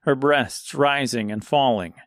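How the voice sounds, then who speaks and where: Man, storyteller, scripted narration, unhurried, gravelly, mid-pitched. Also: no echo, clean studio sound. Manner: slow, measured, gravelly.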